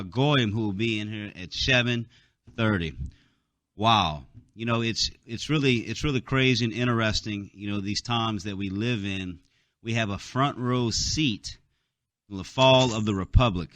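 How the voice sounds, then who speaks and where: Low bright-voiced male radio host. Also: moderate pace, no echo. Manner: rambling, many "you know" fillers. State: hiccups. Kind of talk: casual talk radio monologue.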